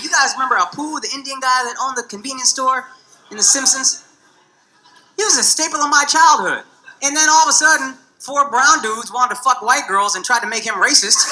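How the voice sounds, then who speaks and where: A man from the United States doing a stand-up comedy set, brash and profane, with mocking punchlines to a laughing club audience. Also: very high voice. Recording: loud noisy stand-up special audio.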